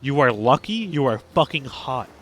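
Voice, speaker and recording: Guy streamer swearing nonstop at a game, mock angry, average pitch. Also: big pitch swings, moderate pace, slight background noise. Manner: crude, swears constantly, mock outrage. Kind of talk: reading a game aloud with profane commentary.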